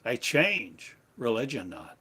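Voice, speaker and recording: A man giving a slow, meditative sermon in halting, repetitive phrases, like an incantation. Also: medium pitch, sing-song, bright, forceful tone, breathy edge. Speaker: spiritual teacher.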